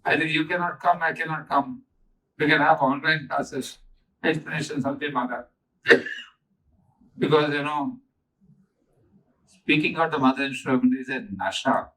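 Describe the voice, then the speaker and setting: A man's voice: on the high side, fairly even intonation, normal speed, long pauses, pushed and bright, recorded from a distance, poor audio. An older man giving an earnest spiritual talk to a gathering, stressing points by repeating them. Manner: earnest, emphatic, repeats key phrases. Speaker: spiritual teacher.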